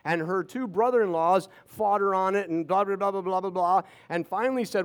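A man in his fifties tells personal stories to an audience, slipping in sarcastic asides. His high voice is smooth and fairly quick, with few pauses.

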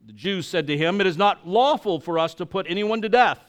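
A man's voice: high-pitched, expressive, brisk, smooth. A man reading scripture aloud with dramatic emphasis, then preaching casually to a congregation. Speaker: pastor.

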